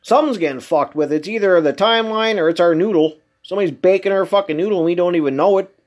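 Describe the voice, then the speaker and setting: A man with a slightly higher voice hosts his own casual podcast, talking alone to his listeners. He swears constantly and sounds emphatic and incredulous. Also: fast. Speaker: podcast host. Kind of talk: casual solo podcast monologue.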